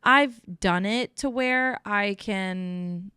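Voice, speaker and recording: Smooth-voiced woman telling lively stories. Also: medium pitch, very slow, no room sound, clean studio sound. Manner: lively storyteller who acts out quoted voices. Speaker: professional baker, guest. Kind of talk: casual interview chat.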